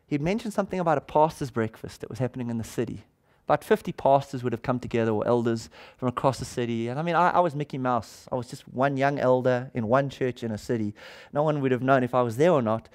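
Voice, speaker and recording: A man preaching to his church, telling a story from his own life. He acts out the dialogue as he goes, and his voice sits in an ordinary middle pitch. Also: fast. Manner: animated storytelling, acting out quoted dialogue. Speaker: pastor. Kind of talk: sermon storytelling.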